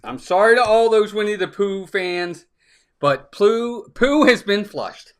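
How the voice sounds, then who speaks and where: A man's voice: fairly high pitch, a bit bright. A man hosting a casual live stream, upbeat, laughing often and greeting viewers by name. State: out of breath.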